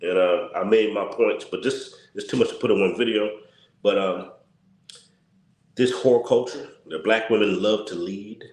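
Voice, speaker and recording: A man's voice: lowish voice, normal speed, darkish tone. Tired man ranting in an echoey room. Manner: blunt, repetitive, slangy rant. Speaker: channel host. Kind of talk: casual livestream commentary.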